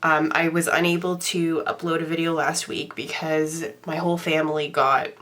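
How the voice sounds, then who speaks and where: A woman's voice: low-pitched, flat delivery, normal speed, fairly bright tone. A young adult woman hosting a casual tarot vlog, talking in a chatty way with ums and self-corrections while congested from a cold. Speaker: tarot channel host. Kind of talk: casual show-and-tell vlog.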